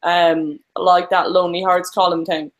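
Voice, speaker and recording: Relaxed woman panelist. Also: lowish voice, normal speed. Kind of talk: casual studio chat.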